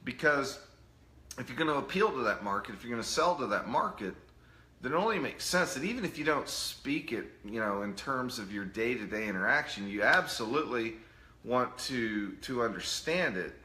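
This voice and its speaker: A man's voice: medium pitch, expressive, normal speed, bright, forceful tone, reverberant. A man giving a casual live-stream lecture, joking with the chat and tagging his points with "right?". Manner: jokey, peppers points with "right?". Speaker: presenter of a live online talk.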